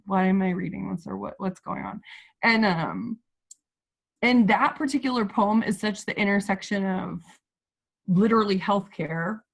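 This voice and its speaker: A woman's voice: mid-range voice, moderate pace, vocal fry. A woman guest on a casual book chat, talking in a rambling, heartfelt way with many restarts. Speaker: podcast guest.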